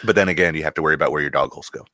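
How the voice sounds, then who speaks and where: Male co-host, very deep and forceful tone, casual rambling delivery. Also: very fast, no echo, studio quality. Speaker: podcast co-host. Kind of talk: casual chat.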